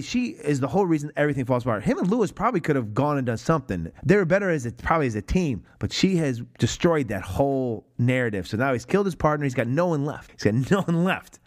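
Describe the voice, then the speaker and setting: A man in the middle of his range talks films on a podcast, gushing and cursing as he goes. He keeps jumping into little acted-out quotes from the scenes he loves. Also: medium pitch. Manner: excited, profane, acts out movie quotes. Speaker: podcast host. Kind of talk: casual film discussion.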